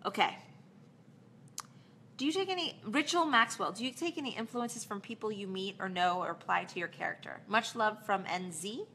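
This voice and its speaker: An actress casually answering fan questions in a live Q&A, chatty and rambling, with plenty of fillers and small laughs. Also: female voice, medium pitch, moderate pace, sharp tone, slight background noise.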